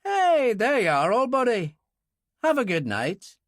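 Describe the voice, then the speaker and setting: A man's voice: extremely high pitch, wildly swooping pitch, unhurried, dry recording, studio quality, voice pushed up, exaggerated voice. A man voicing a breezy, mock-rueful cocky man in an audiobook. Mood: cheeky.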